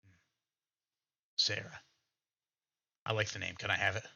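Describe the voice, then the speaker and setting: A man's voice: lowish voice, flat delivery, measured pace, vocal fry, bright, forceful tone, heavily acted. A man voicing Vulture, an arrogant, delusional male hermit who is boastful and rude, in a tabletop game. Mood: pompous.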